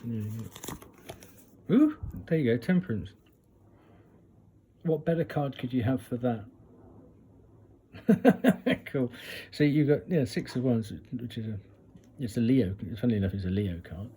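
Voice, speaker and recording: A man's voice: medium pitch, big pitch swings, unhurried, pauses often, warm tone, breathy edge. A man doing a casual tarot reading, reading passages aloud from a guidebook and breaking off for chatty asides and retakes. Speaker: tarot reader.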